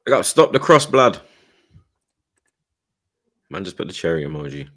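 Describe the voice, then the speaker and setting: A man's voice: sits low, very animated, moderate pace, fairly bright tone. A man, bantering casually about football and reading out viewer messages on a podcast panel. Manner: slangy, laid-back, teasing.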